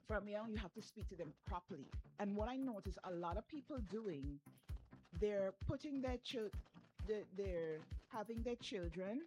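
Speaking with a fairly low pitch, a woman from Saint Vincent makes her points earnestly and with emphasis during a casual conversation about how children speak. She's a parent, and the audio is low quality.

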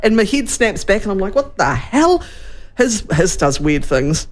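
A man's voice: sits high, normal speed. A man with a New Zealand accent, co-hosting a radio show in casual chat and telling stories with acted-out quotes and sound effects. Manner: animated storyteller, acts out quotes and beeping noises. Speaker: radio co-host.

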